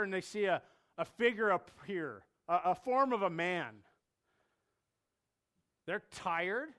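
A male preacher delivering an expository sermon in a fairly high voice that rises and falls a great deal. He acts out scenes and repeats key phrases for emphasis. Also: fairly bright tone.

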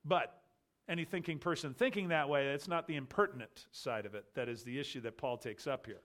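A man delivers an expository sermon at a fairly quick clip in a medium-pitched voice. He is emphatic and rhetorical, moving back and forth between loud proclamations and quiet asides.

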